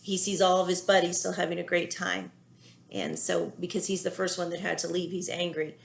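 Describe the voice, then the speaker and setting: A woman teacher reading a children's picture book aloud, pausing often to gently explain feelings to young listeners. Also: on the low side, gravelly. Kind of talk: children's read-aloud with commentary.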